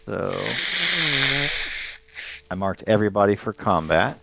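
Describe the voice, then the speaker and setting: A man running a tabletop role-playing game as game master, narrating the action haltingly with fillers and restarts. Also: low voice, fairly even intonation, creaky, very noisy.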